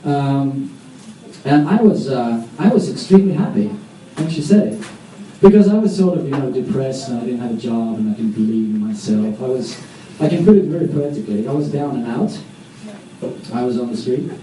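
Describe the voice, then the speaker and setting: A man doing a live stand-up set on a comedy club stage, rambling with self-mocking, deadpan asides. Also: mid-range voice, normal speed, a little hiss or hum. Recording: echoey club, distant mic, audience.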